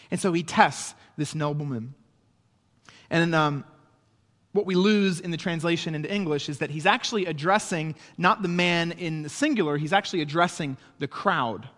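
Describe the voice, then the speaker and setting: A man's voice: a little high, a bit bright, in a large hall. A man preaching a sermon in a conversational way, often checking in with his listeners. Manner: conversational preaching with frequent "right?" asides. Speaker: pastor.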